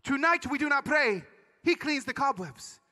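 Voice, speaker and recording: A man voicing an older male preacher who speaks in slow, weighty pronouncements. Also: extremely high pitch, lively intonation, bright, forceful tone, exaggerated voice. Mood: solemn. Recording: hall reverb.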